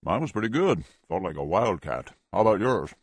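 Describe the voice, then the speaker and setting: A man's voice: sits low, very animated, brisk, husky, no echo, clean studio sound, exaggerated voice. A man narrating an audiobook, voicing a smug, languid male villain warlord with an arrogant drawl. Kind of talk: audiobook character voice.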